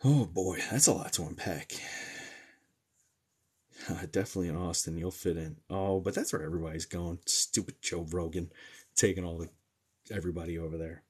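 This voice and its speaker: Casting: young man from New Jersey, low husky voice, chatty livestream host answering comments with jokes. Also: moderate pace, pauses often, a little mellow. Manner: chatty, joking, reacts to comments aloud. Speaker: medium doing a livestream Q&A. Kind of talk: casual livestream chat reading comments.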